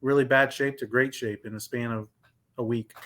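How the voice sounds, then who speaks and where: A man's voice: medium pitch, steady tone, normal speed, fairly bright tone. A man co-hosting a podcast, telling stories in a rambling, casual way. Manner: rambling storyteller with fillers and restarts. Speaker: podcast co-host. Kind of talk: casual chat.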